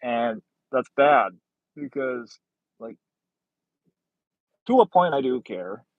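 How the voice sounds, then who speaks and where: Male stream host, sardonic and chatty, flat dry lo-fi sound. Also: medium pitch, takes it slowly, no echo. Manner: blunt, sardonic, rambling. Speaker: livestream host. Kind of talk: casual livestream chat reading comments.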